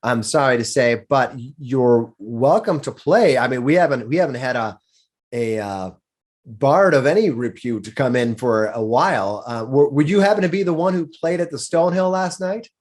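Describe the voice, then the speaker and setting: A man's voice: mid-range voice, animated, normal speed, darkish tone, lightly acted. A man voicing a cheerful, friendly bearded female dwarf innkeeper in a tabletop game. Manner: friendly, laughing, welcoming.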